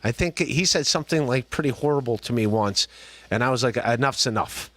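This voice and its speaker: A man's voice: mid-range voice, brisk, fairly bright tone, no echo. A man hosting a podcast livestream, rambling through casual commentary with jokes, restarts and laughter. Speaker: podcast host.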